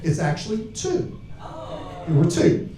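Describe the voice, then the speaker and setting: A man's voice: high-pitched, huge pitch swings, a little slow, mellow, recorded from a distance. A man from Alabama doing a crude, brash stand-up set with a handheld mic on a club stage. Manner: crude, brash, rambling punchlines with audience laughter. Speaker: stand-up comedian. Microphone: handheld microphone. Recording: echoey room, heard from afar. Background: audience laughter.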